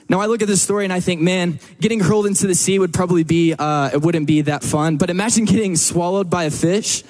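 A man's voice: high-pitched, steady tone, fast, few pauses, a little mellow. A man from Texas, preaching a sermon to a church in a casual, joking storytelling manner. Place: church service.

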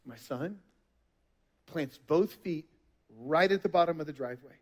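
A man in his thirties delivers a sermon in a high, bright voice. He moves between easy storytelling and forceful emphasis. His words echo with the long reverb of a large church auditorium. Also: measured pace. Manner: storytelling, conversational with bursts of emphasis. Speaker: pastor.

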